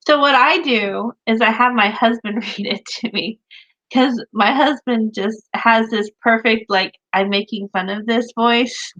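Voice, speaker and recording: A woman in her thirties or forties co-hosting a casual chat about writing, animated and full of fillers, laughing often. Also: on the high side, measured pace. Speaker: podcast co-host, author. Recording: dull lo-fi sound.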